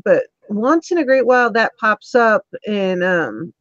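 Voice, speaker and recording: A woman hosting a casual video-call interview, chatty with frequent ums, recovering from being sick and clearing her throat. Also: mid-range voice, animated, a little slow, no echo. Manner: chatty, warm-toned with filler ums. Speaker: interview host. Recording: dull lo-fi call audio.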